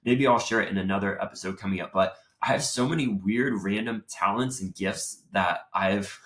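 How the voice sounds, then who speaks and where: A young adult man hosting his own show, talking casually and lively, acting out his own thoughts as he goes. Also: fairly low pitch, normal speed. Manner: chatty, animated, acts out his own thoughts. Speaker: show host. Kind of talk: casual solo talk. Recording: roomy echo.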